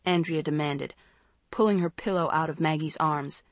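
A woman narrating a story in a measured, expressive reading. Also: deep voice, no echo. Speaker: audiobook narrator. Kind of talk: scripted narration.

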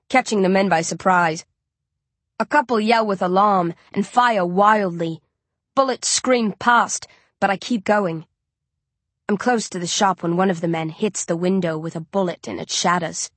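A woman's voice: medium pitch, dry recording. Casting: female audiobook narrator, tense first-person storytelling, dry close studio sound, mid-range voice.

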